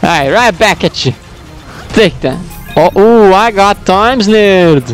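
Excitable male gaming commentator with a high, bouncy voice who takes his time, whoops a lot, faint game music under him. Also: slow pace. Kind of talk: excited let's-play commentary.

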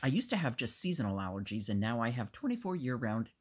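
A middle-aged woman, stuffy from allergies, chatting casually and gushing warmly while opening a gift at home. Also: very deep voice, sing-song, fast talker, a little hiss or hum. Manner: gushing, affectionate. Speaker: crafting vlogger. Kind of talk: casual unboxing chat.

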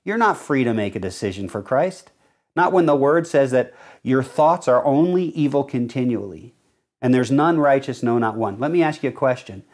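A male pastor preaching a sermon, explaining verses in an earnest teaching manner and reading scripture slowly with stressed key words. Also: mid-range voice, animated, a little mellow.

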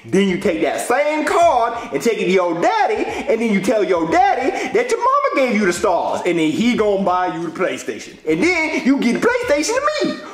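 A man's voice: high voice, wildly swooping pitch, normal speed, few pauses. A man voicing a greedy, scheming young boy who talks in a bossy, slangy, conniving way. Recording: echoey room.

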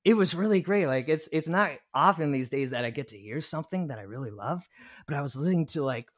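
A man who is a musician appears as a podcast guest, telling stories in casual conversation and acting out what people said in lively bursts. His voice sits on the high side, and he talks fast.

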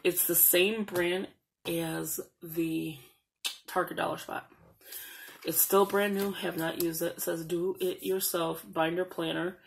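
A woman with a fairly low voice talks through a planner haul at an easy pace. She chats casually as she flips the pages and reads the printed slogans aloud. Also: level tone, slow, vocal fry, slight background noise, poor audio. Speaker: planner vlogger. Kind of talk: casual show-and-tell.

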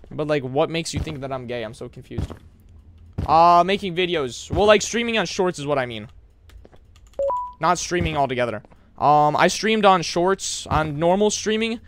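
A young man from America streaming a horror game live, shouting bursts of hype and muttering asides to chat. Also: medium pitch, slight background noise.

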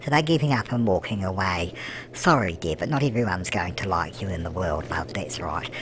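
A man's voice: medium pitch, expressive, moderate pace, a little hiss or hum, close to an everyday voice. A man putting on a cheeky old nan. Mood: gossipy. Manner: coos "love" and "darling", answers her own questions. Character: chatty elderly British grandmother, fussing and cheeky. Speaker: gameplay commentator. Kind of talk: comic let's-play commentary in character. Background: background music.

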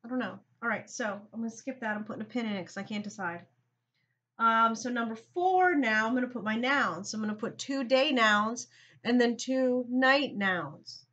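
A woman's voice: fairly high pitch, normal speed, a bit bright, highs cut off. A woman teacher giving a recorded grammar lesson, thinking aloud and talking straight to her students.

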